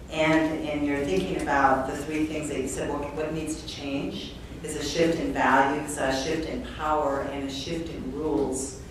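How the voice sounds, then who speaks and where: A woman on a panel reflects on the talk, thinking aloud. Her delivery stays even, with little rise and fall. She sounds far from the mic in a heavily echoing room. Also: low-pitched. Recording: echoey room from far off, faint noise.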